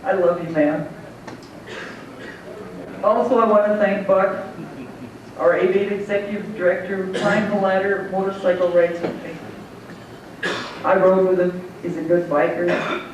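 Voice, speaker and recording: A woman's voice: medium pitch, level tone, measured pace, long pauses, slight background noise. Folksy woman joking in an echoey hall. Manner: folksy, laughs at her own jokes. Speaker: award recipient giving thanks. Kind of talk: acceptance speech with joke telling. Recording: echoey hall, distant mic, dull sound.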